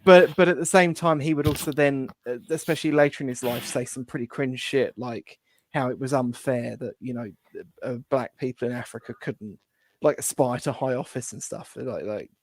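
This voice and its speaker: A man's voice: mid-range voice, fairly even intonation, normal speed. A man chatting loosely on a political talk show, with lots of fillers.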